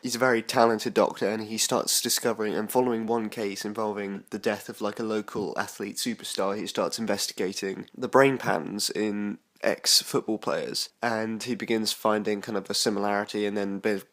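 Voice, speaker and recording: A man's voice: fairly low pitch, fairly even intonation, moderate pace, few pauses, fairly bright tone. A young man from the United Kingdom giving a casual spoken film review, rambling with frequent fillers and restarts.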